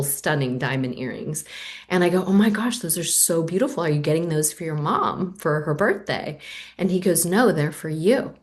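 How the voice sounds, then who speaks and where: A middle-aged woman with a low-pitched voice, talking as a podcast guest. She tells a personal story in a candid, animated way, acting out the lines of the people in it. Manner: animated, acts out quoted voices.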